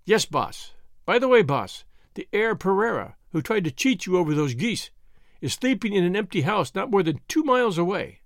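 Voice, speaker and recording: A man's voice: sits high, very animated, normal speed, no echo, clean studio sound. A man reading as a sly scheming servant.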